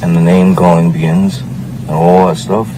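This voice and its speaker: A man in a tense private argument, speaking in halting, repeated phrases but holding his ground. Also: deep voice, level tone, noisy background. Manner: halting, repeats himself, firm.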